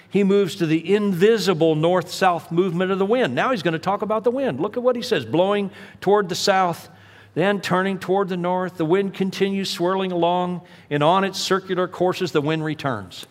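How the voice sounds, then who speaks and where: A man preaching a sermon as pastor, telling stories in an animated way and acting out the voices he quotes. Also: sits high. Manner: animated storytelling, acts out quotes. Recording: long hall reverb.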